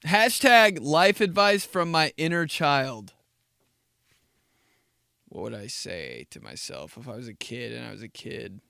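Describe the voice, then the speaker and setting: Bright, clear-voiced man telling stories. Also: medium pitch, lively intonation, a little slow, dry recording, clean studio sound. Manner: laid-back, profane, laughing storyteller. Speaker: podcast host. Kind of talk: casual solo podcast storytelling.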